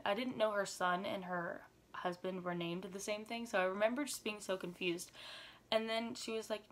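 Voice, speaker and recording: Young woman, vlogger, animated storytelling, filler-heavy, chatty, medium pitch. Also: moderate pace. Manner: animated retelling, frequent "like" fillers. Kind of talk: story time vlog.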